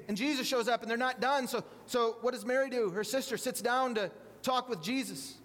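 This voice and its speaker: High-voiced man preaching in an echoey hall. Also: fairly quick, a bit bright. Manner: conversational, repeats words, asks the audience questions. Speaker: preacher speaking to a congregation with children. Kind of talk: sermon.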